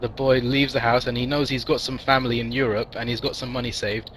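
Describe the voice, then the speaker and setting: A man's voice: medium pitch, level tone, quick pace, fairly bright tone, slight background noise, low-quality recording. Man rambling through a long joke. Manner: rambling, many fillers and restarts, laughing. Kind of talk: telling a long joke among friends.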